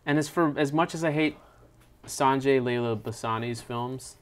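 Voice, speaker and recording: A man co-hosting a casual movie review, blunt and animated, swearing freely. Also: mid-range voice, normal speed. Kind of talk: casual chat.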